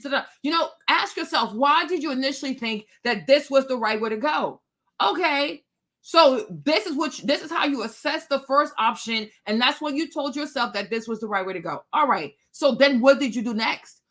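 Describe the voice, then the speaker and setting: A woman in her thirties hosts a live stream and talks straight to her viewers. Her voice sits high and rings bright. She lays out blunt, firm opinions in casual chat. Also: expressive, normal speed.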